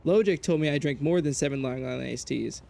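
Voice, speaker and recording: A man streaming a game, telling a story in casual chat, animated and profane, jumping between loud outbursts and low mutters. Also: brisk, creaky. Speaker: gaming streamer.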